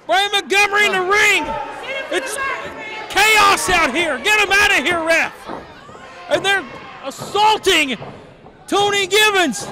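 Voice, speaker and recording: Excitable male ringside announcer, very high pitch, frequent shouts and exclamations. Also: unhurried, long pauses, a crowd in the background. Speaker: play-by-play wrestling commentator. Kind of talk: excited live play-by-play commentary.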